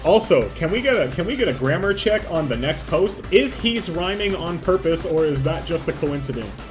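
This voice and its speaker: A young man reading a game aloud on stream, his pitch bouncing all over as he jokes and swears. He laughs often and drops into silly voices. Faint music plays behind him. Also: lively intonation, moderate pace. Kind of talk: casual let's-play commentary with voiced lines. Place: home streaming setup.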